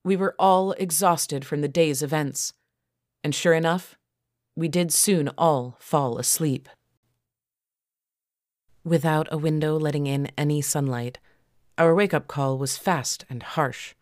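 A woman reads a first-person erotic story as an audiobook, telling it at a steady, even pace. Her voice sits very low for a woman. The recording is close and completely dry. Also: slow, pauses often, no echo. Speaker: audiobook narrator.

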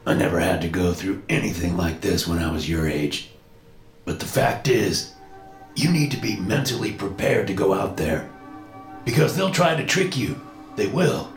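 A man's voice: sits low, animated, moderate pace, soft background music. An overprotective father, raw with emotion and stern, pleads and lectures, as a male narrator plays him. His voice rises and falls widely, set in an echoey room. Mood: emotional. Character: tearful, overprotective middle-aged father.

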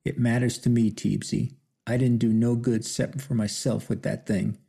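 A frail old outlaw on his deathbed, as a male narrator puts him on, croaking out his words through weak, tearful breaths. The voice is gravelly and dark, with a husky edge, like an audiobook character near the end. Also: mid-range voice, flat delivery, normal speed. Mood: remorseful.

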